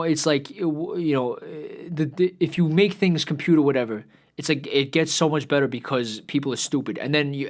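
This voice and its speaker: A young man hosting his own show, ranting in a profane, exasperated way that sags at times into weary muttering. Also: medium pitch. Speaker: podcast host. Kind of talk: ranting commentary.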